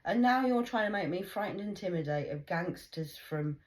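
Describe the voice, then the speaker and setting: A woman's voice: on the low side, expressive, normal speed. A woman in her forties ranting bluntly in a heated casual monologue, swearing often. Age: 40s. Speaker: vlogger.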